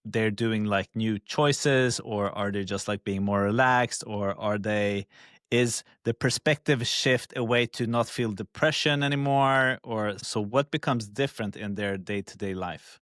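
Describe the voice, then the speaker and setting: A man's voice: on the low side, unhurried, a bit bright, dry recording, studio quality. A man hosting a podcast, asking long questions and searching for his words as he goes. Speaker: podcast host. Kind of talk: interview questions.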